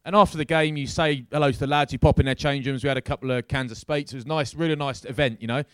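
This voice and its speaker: A man telling a lively anecdote as a guest at a live show, swearing freely and acting out the people in his story. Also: medium pitch, fast, smooth, no echo. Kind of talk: animated storytelling. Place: crowded live-show venue.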